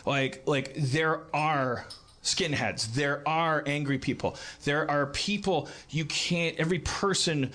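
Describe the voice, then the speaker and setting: A man in his forties hosting a live comedy podcast, rambling through a monologue with frequent restarts and shrill mocking impressions. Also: slow, pushed and bright. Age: 40s. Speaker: podcast host. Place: live venue stage.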